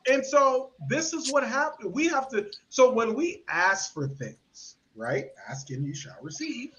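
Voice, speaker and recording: A man's voice: extremely high pitch, unhurried, muffled recording. A man hosting a podcast, giving opinionated commentary and acting out voices of people he quotes. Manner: animated, acts out quoted voices. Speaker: podcast host. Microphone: podcast mic.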